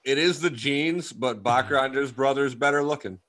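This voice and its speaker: A mid-pitched man jokes through a casual livestream chat and likes to mimic a narrator. Voices and chatter are clearly heard behind him. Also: normal speed. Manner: jokey, does a booming narrator voice.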